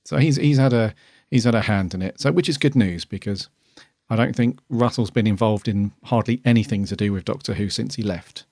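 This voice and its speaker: A man's voice: on the low side, fairly quick, a little mellow, no room sound, studio quality. A man co-hosting a casual podcast, jokey and chatty, laughing often and restarting sentences. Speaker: podcast co-host.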